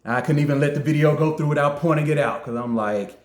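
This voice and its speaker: A man reviewing fast food in a casual vlog, joking, laughing often and acting out his own lines. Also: a little high. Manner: animated, joking, quick to laugh. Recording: roomy echo.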